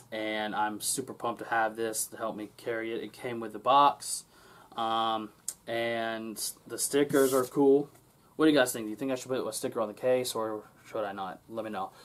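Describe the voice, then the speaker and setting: A man chatting casually to his viewers in a home vlog, rambling along and full of ums. His voice sits at an ordinary middle pitch, and he talks loosely and unscripted, filling pauses as he goes. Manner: rambling, many ums and restarts. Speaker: vlogger.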